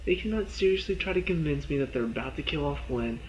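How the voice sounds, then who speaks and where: A man giving a casual spoken review of a TV episode. He retells the scenes in an excited rush, with lots of fillers. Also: a little high, quick pace, dull audio.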